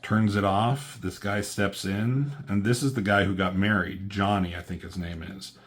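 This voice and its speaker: A man's voice: lowish voice, fairly even intonation, normal speed. A man casually walking through a comic book in a review, rambling with lots of fillers and loose, profane slang.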